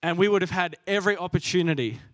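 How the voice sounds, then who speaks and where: A man's voice: high-pitched, quick pace, no echo, studio quality. Earnest man preaching. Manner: warm, earnest and self-deprecating, laughs at himself. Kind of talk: sermon.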